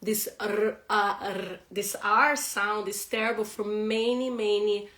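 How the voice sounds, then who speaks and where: Woman, non-native speaker of English, casual teacher, drills words slowly with frequent laughs; roomy sound. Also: medium pitch, fairly even intonation, a bit bright. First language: not English. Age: adult with a young son. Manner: laughs often, repeats words slowly to model pronunciation. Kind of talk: casual pronunciation lesson.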